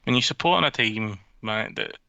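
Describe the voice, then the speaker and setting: Bright-voiced sweary man on a football podcast. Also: lowish voice, lively intonation, normal speed, gravelly, no echo. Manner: sweary, rambling, mocking. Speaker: podcast co-host. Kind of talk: casual football chat.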